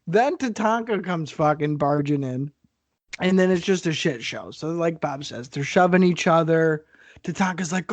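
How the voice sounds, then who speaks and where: High-voiced profane man. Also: moderate pace, no room sound. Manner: profane, animated, laughs a lot. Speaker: podcast co-host. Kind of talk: casual chat.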